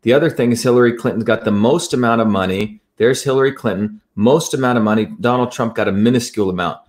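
A man's voice: mid-range voice, quick pace, a little mellow. A man presenting to an online audience in a heated talk, emphatic and accusatory, often restarting his sentences.

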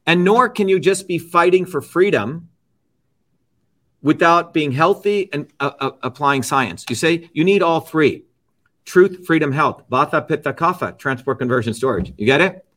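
Middle-aged guy being interviewed, slightly high voice, preachy and emphatic, keeps asking "right?". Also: lively intonation, normal speed, a bit bright. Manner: lecturing, repeats key phrases. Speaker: interview guest. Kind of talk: argumentative interview talk.

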